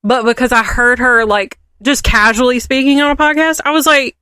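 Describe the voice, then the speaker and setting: A woman with a Southern US accent, co-hosting a podcast in casual, teasing, animated chat. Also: high-pitched, moderate pace, hardly any pauses, smooth, no room sound, clean studio sound. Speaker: podcast co-host.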